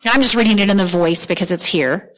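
A woman preaching a sermon with earnest, animated delivery, often repeating words as she reads scripture aloud. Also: medium pitch, brisk, poor audio.

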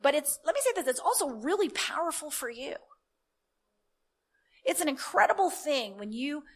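A woman's voice: sits high, very animated, normal speed. A woman preaching a sermon, telling stories in a conversational way and breaking into fervent declarative prayer.

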